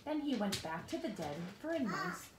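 A woman reading a picture book aloud to a child in an expressive way, with asides to the listener, recorded far off in an echoey room with noise. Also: mid-range voice, normal speed. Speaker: storybook reader.

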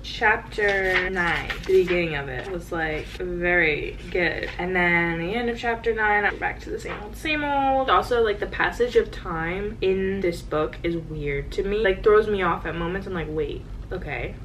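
Young woman, book vlogger, low-ish voice, casual and excitable, swears freely; noisy home recording. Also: moderate pace, few pauses. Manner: chatty, frequent swearing, excitable, drifts to soft whispers. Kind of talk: casual reading reactions to camera.

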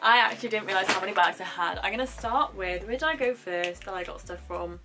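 Young woman, upbeat vlogger chat, gushing, crisp bright tone, faint music underneath. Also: medium pitch, fast. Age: young adult. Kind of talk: casual shopping haul chat.

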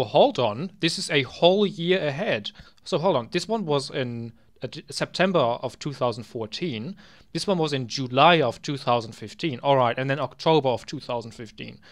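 Young man in casual screen commentary. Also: medium pitch. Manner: chatty, muttering asides, bursts into loud exasperated ranting. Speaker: video creator reviewing his old game bans.

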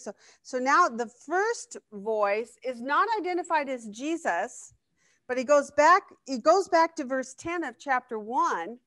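A woman leads a live Bible study class, reading verses aloud and turning to the class with questions. Her voice sits fairly high and sounds dry and close. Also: fairly bright tone, no echo. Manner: conversational, asks the class questions, reads scripture aloud.

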